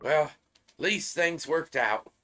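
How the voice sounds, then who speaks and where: A man's voice: a little high, slow pace, bright, forceful tone, pitched above the performer's own voice. A man voicing a friendly Southern working man with a folksy, drawling Southern US accent. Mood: good-natured.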